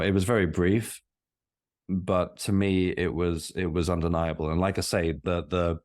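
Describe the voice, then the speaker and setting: A man's voice: deep voice, darkish tone. A man telling a personal story as a podcast guest, with frequent restarts and fillers. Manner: hesitant, many restarts and fillers. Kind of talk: conversational storytelling.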